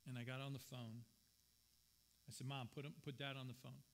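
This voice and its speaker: Bright-voiced preaching man. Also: mid-range voice, level tone, a little fast, slight background noise. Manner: earnest, personal storytelling preaching. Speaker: pastor. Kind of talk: sermon. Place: church sanctuary.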